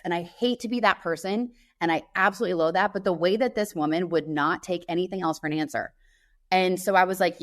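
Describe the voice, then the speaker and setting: A woman with a lowish voice chats on her podcast, laying out her story in a firm, emphatic way. She talks casually but makes her points bluntly. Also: fast talker. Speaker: podcast co-host. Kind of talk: casual chat.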